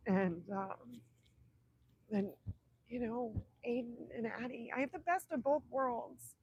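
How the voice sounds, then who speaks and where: Slow-talking woman in her 30s doing a livestream chat, raspy and gravelly, gets emotional and soft. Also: fairly high pitch, slight background noise, low-quality recording. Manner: emotional and heartfelt, often dropping to a whisper. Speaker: livestream host. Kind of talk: casual livestream chat with viewers.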